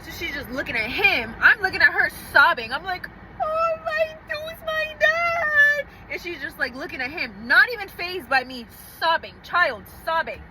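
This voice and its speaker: A woman's voice: high voice, lively intonation, moderate pace, hardly any pauses, background noise. Blunt, foul-mouthed young woman vlogging. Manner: blunt, profane and emotional. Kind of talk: casual storytime vlog.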